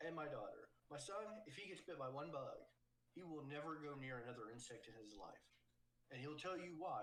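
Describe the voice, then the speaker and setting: A man in his thirties co-hosting a podcast, telling stories in an animated, casual way. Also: fairly high pitch, brisk, a little hiss or hum. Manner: storytelling, animated. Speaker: podcast co-host. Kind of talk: casual chat. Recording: echoey room.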